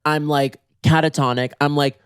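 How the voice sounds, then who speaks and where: A man hosting a podcast in a comic monologue, theatrical and swinging his pitch for emphasis, slightly hoarse from being sick, recorded in bed at home. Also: fairly even intonation, moderate pace, fairly bright tone, no room sound, clean studio sound. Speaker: podcast host.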